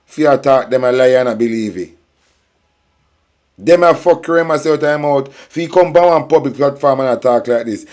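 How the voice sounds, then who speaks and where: A man's voice: mid-range voice, normal speed, darkish tone. A man with a Jamaican accent hosting a political commentary show, ranting in heated, profane patois-laced talk.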